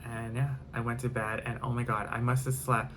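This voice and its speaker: A man's voice: mid-range voice, flat delivery, a little fast, fairly bright tone, slight background noise. Rambling man telling a storytime vlog. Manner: rambling, filler-heavy, repeats himself, swears. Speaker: vlogger. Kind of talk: casual storytime monologue.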